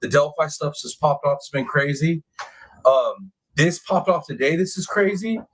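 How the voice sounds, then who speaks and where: A man hosting a casual true crime livestream, reading chat comments aloud and bursting into excited, high-pitched exclamations. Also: moderate pace, low-quality recording. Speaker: livestream host.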